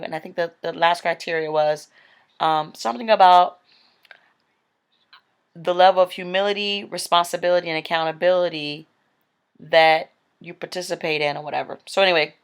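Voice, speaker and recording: A Christian woman shares her vision in a chatty, meandering testimony, her speech full of "um" and "like." The voice is fairly low and smooth, steady in tone, at a normal pace.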